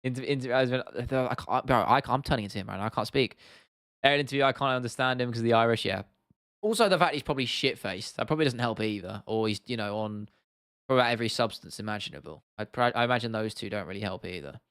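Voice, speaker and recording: A man's voice: medium pitch, quick pace, a bit bright, clear, resonant tone, dry recording. Young male streamer, casual and blunt, swears a lot, dry close mic. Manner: blunt, opinionated, swears freely, restarts often. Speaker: livestream host. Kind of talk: casual livestream chat answering viewers.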